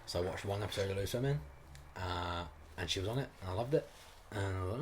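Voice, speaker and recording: A man's voice: sits low, fast, a little hiss or hum. A man co-hosting a podcast, rambling through a story in casual chat with lots of fillers. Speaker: podcast co-host.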